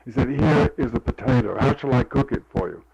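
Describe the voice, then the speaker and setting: A man's voice: mid-range voice, a little fast, vocal fry, muffled recording. An older man telling rambling stories in an interview, with many fillers, acting out the dialogue he recalls. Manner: meandering, full of fillers, acts out quoted dialogue. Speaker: interviewee telling a life story. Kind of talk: rambling anecdotal storytelling.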